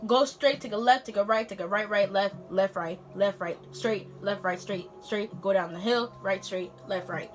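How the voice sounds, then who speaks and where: A woman's voice: mid-range voice, normal speed, few pauses, slight background noise, natural voice. A teenage girl voicing a casual young man who rattles off directions in a laid-back way.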